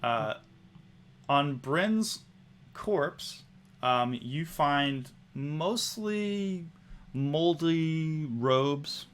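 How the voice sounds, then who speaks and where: Slow-narrating male game master. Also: on the high side, animated, smooth. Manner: slow, hushed narration with pauses.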